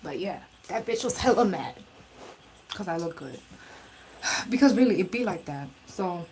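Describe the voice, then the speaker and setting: A woman's voice: on the low side, lively intonation, unhurried, darkish tone, slight background noise, poor audio. A woman telling a storytime in a casual, blunt and profane way, rambling with restarts. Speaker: live streamer.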